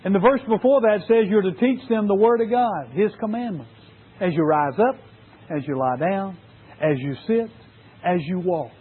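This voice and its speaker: A man's voice: sits high, moderate pace, breathy edge. A man preaching an earnest sermon to fathers, using emphatic repetition. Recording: tinny phone-like sound.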